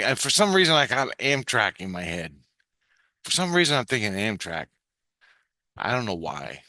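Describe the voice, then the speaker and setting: A man's voice: fairly low pitch, very animated, moderate pace, pauses often, bright, forceful tone, dry recording, studio quality. A man casually recounting a dreamlike experience, meandering with frequent restarts and offhand swearing. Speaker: vlogger recounting a spirit-world vision. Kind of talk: casual rambling storytelling.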